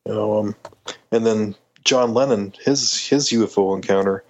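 Animated Canadian man telling a story. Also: on the low side, moderate pace, a little hiss or hum. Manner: animated, acts out quoted voices, frequent restarts. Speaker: guest. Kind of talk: storytelling in a podcast interview.

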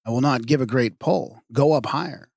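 A man's voice: mid-range voice, moderate pace, vocal fry, darkish tone, dry recording, clean studio sound. A man reading the part of a strong young male hero in a myth, speaking steadily and with command. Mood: calm.

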